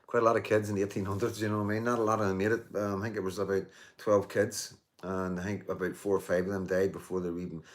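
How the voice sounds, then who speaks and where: A man's voice: lowish voice, level tone, fast. A man in his fifties hosting a casual live stream, reading viewer comments, talking emphatically with lots of repeats and restarts, swearing and joking with commenters. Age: 50s. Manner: emphatic, repeats himself, many restarts and "you know".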